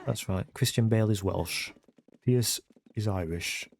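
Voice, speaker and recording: A man's voice: lowish voice, unhurried, vocal fry, darkish tone. Rambling man chatting to viewers. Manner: rambling, keeps tagging "yeah?" onto sentences. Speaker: game streamer. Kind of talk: casual chat with viewers while playing.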